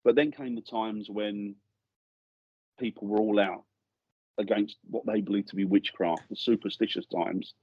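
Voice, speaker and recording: A man's voice: lowish voice, fairly even intonation, normal speed, breathy edge, dry recording, highs cut off. A middle-aged man from England, a guest in a podcast studio, telling ghost-hunting stories in a rambling way that keeps restarting sentences. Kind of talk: casual storytelling interview.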